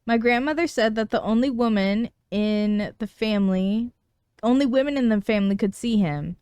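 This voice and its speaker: Smooth-voiced woman podcast host. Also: a little high, moderate pace, warm tone, no room sound. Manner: storytelling with frequent laughs. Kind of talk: casual chat reading a listener story.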